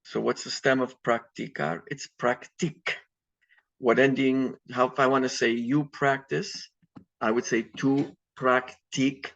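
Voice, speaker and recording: Guy with a gravelly voice walking students thru spanish verbs, muffled zoom audio. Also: medium pitch, fairly even intonation, a little slow, a bit bright. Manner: patient, step-by-step explaining with many ums. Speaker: Spanish teacher. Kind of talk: online class lecture. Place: home at computer on video call. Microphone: video call mic. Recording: dull lo-fi video call audio.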